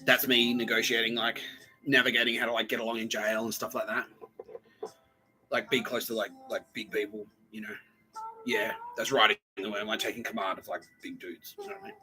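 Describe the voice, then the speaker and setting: A man's voice: on the low side, lively intonation, a little fast, music in the background, poor audio. A man hosting a podcast, telling a rambling comic story, often laughing and acting out the voices of people in it. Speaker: podcast host. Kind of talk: rambling comedic monologue.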